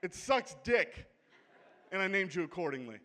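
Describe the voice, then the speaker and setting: A man doing a blunt deadpan mother. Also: sits high, moderate pace, slight background noise, full character voice. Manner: matter-of-fact, blunt.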